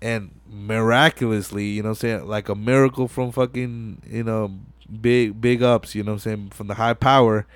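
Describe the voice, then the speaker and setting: A man hosting a podcast, retelling a film scene in casual chat with animated, profane storytelling. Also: on the low side, normal speed, hardly any pauses, clear, resonant tone, dry recording. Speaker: podcast host.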